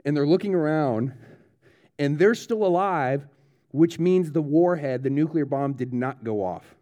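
A man's voice: on the high side, animated, a little slow, dark tone. A man preaching a children's sermon in a church service, telling a true story with dramatic build-up and checking in with the kids. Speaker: pastor.

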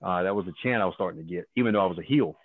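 A man in his fifties tells wild, profane stories as an interview guest and jumps into other people's voices. His voice sits low and comes through a thin, phone-like line. The sound is dry and close. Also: racing, no room sound. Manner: profane, animated, acts out other people's lines. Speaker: guest, former pro wrestler. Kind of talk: casual storytelling.

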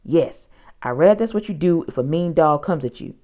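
A woman's voice: sits low, animated, normal speed, mellow. A woman voicing a cautious young boy who talks in an urgent, scolding way. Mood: commanding.

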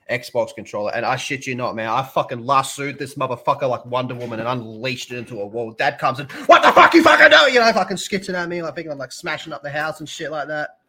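A man's voice: medium pitch, pushed and bright. A young Australian man, a podcast guest, chatting casually and telling stories bluntly with plenty of swearing. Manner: blunt, profanity-heavy storytelling.

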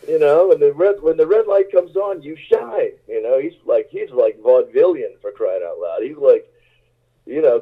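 A man's voice: fairly high pitch, expressive, normal speed. A male musician telling rambling, self-mocking stories in a casual interview, laughing often, over a tinny phone-like line. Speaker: musician guest.

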